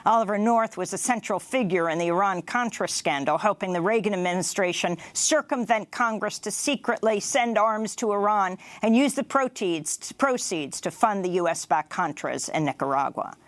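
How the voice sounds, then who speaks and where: A woman's voice: mid-range voice, dry recording. Woman reading the news, dry studio. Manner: measured, even, formal delivery. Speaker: news anchor.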